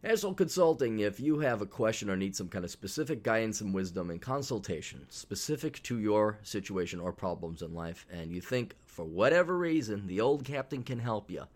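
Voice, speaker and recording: A man's voice: lowish voice, sing-song, brisk, few pauses. A man hosting a casual solo podcast, talking in a blunt, profane, sarcastic way, rambling with fillers. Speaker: podcast host.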